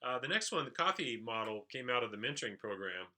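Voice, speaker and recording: A man's voice: medium pitch, sing-song, fast, sharp tone. A man leadership trainer giving an explanatory recap of a training session, with frequent "uh" fillers.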